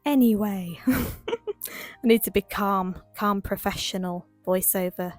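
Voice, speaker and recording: A woman talking through her crafting in a casual voiceover, rambling and quick, laughing at herself. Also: mid-range voice, no echo, soft background music. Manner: rambling, quick, self-deprecating. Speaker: crafting vlogger.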